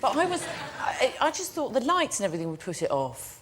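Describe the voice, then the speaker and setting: A woman's voice: fairly high pitch, huge pitch swings, a little fast, a crowd in the background. A woman guest on a talk show, chatting casually and teasing the host in a dry way. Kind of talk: casual chat. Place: TV studio with live audience.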